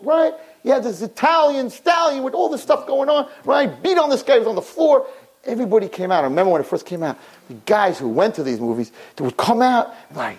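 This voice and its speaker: A woman in her fifties giving a Torah class, animated, rhetorical and fast-talking. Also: on the high side, slightly rough.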